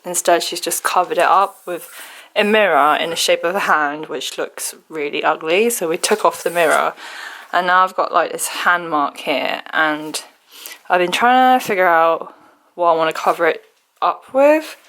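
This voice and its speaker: A young woman talking casually as a vlogger, soft-spoken and chatty, rambling a little. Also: on the low side, moderate pace, low-quality recording. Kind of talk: casual vlog chat.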